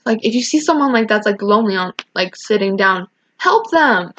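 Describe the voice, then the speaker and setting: A woman's voice: mid-range voice, lively intonation, moderate pace, fairly bright tone. A teenage girl telling a casual, rambling storytime rant, often restarting her sentences and sounding emotional. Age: teens. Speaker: vlogger. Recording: dull lo-fi sound.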